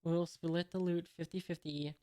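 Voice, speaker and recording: A woman reading a brash young female thief navigator's lines aloud, with little put-on voice, keeping her own low, flat delivery. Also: moderate pace, natural voice.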